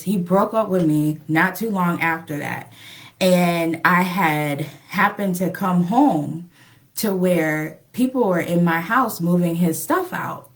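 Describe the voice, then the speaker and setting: A young adult woman casually telling a personal relationship story, full of "like" and "um" and acted-out quotes. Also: fairly low pitch. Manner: chatty, lots of "like" and "um", acts out quoted lines. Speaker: relationship vlogger.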